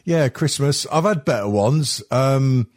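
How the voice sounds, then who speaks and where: A man's voice: mid-range voice, expressive, unhurried, darkish tone. A middle-aged man hosting a podcast in a rambling, sweary, casual way, full of ums and restarts. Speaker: podcast host.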